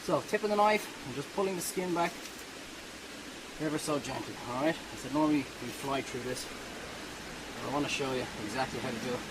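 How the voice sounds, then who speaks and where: A man's voice: mid-range voice, fairly quick, pauses often, background noise. A man hosting a cooking show, talking viewers through a hands-on demonstration in a chatty, reassuring way that wanders off topic.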